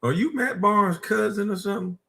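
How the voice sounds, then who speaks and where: A man's voice: high-pitched, fairly quick, gravelly, bright, forceful tone. A man with a Gullah Geechee accent from South Carolina, hosting a heated reaction stream and firing back mocking insults. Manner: mocking, combative, laughs at his own insults. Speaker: streamer host.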